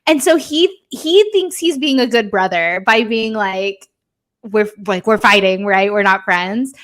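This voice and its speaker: A woman co-hosting a podcast, retelling a show in casual chat with animated storytelling and acted-out lines. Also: mid-range voice, a little slow. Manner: animated storytelling, acts out characters' lines, many "like" fillers. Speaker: podcast co-host.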